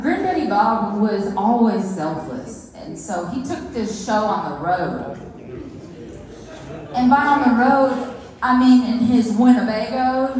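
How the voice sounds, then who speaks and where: A woman's voice: mid-range voice, darkish tone. Woman doing stand-up in an echoey club. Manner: chatty, playful, talks straight to the crowd. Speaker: stand-up comedian. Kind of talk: stand-up comedy storytelling. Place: comedy club stage. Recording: echoey live room with long reverb.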